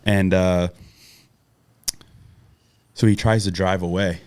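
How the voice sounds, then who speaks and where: A middle-aged man from Southern California casually telling a profane story as a podcast guest, acting out quotes loudly. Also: low-pitched, steady tone, slow pace, smooth.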